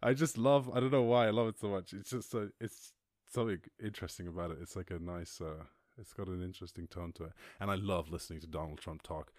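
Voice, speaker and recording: A man from Ireland hosting a casual livestream chat, rambling, animated and laughing often as he talks. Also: low voice, fast, no echo, clean studio sound. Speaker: host.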